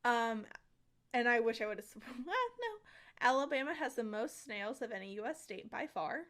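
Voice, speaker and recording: Higher-voiced woman podcast co-host. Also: brisk, fairly bright tone. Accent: slight Southern US lilt at times. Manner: reads facts with frequent ums. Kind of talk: casual podcast chat.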